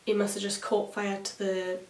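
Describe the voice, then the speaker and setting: A woman's voice: mid-range voice, monotone, moderate pace, darkish tone, recorded from a distance. A young woman, a beauty vlogger telling a story while doing her makeup, chatty and swearing freely. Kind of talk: chatty get-ready-with-me vlog. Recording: echoey room, voice a bit off-mic.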